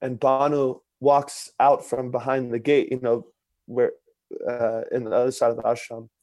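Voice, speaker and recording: A man telling a personal story in conversation, earnest and expressive, with many fillers. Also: mid-range voice, moderate pace, no echo.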